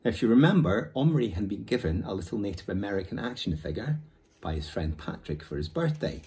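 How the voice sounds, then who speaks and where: A male primary school teacher reads a children's novel aloud to his class. His fairly low voice rises and falls a great deal as he tells the story. He sounds engaged and expressive. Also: brisk.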